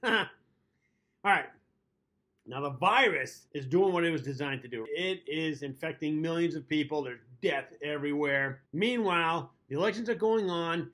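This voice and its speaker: High-voiced man telling a comic story. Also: a bit bright. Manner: conversational storyteller, laughs at his own jokes and toasts with a drink. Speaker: comedy show host. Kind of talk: scripted comedic monologue.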